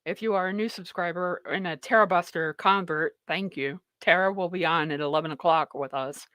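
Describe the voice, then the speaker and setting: A woman's voice: lowish voice, brisk, a bit bright, no echo. A woman hosting a live political talk show, rambling and mocking in a sarcastic tone. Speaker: show host.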